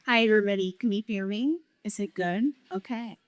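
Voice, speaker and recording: A woman's voice: mid-range voice, brisk, no echo. A middle-aged woman telling a heartfelt personal story at a live event, reading from her pages and openly emotional.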